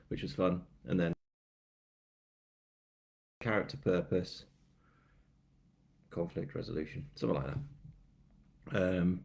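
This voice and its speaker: On a live stream for his book launch, a British crime novelist with a deep, low, creaky voice talks loosely and chattily. He wanders off on tangents, fills gaps with ums and makes fun of himself.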